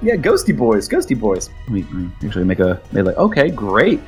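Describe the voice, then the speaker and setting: A man's voice: lowish voice, huge pitch swings, fairly quick. A man running a tabletop role-playing game as game master. He speaks casually and leans into dramatic narration, with faint music playing underneath.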